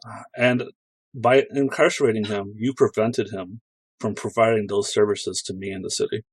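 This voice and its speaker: A man's voice: lowish voice, steady tone, breathy edge, dry recording. A man voicing a guarded male noble ruler who speaks formally and measuredly in a tabletop role-play game. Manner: measured, formal, slow speech.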